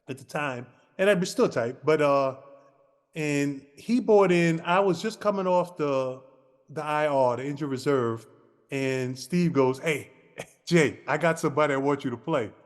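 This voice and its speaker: A man co-hosting a podcast, telling a lively basketball anecdote and acting out the dialogue. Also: fairly high pitch, long reverb tail. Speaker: podcast co-host. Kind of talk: casual storytelling.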